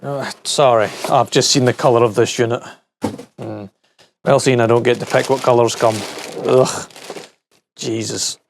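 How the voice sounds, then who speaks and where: A man's voice: medium pitch, fairly even intonation, normal speed, vocal fry, a little hiss or hum. A man reviewing tech in a casual teardown vlog, rambling and correcting himself with wry asides. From United Kingdom.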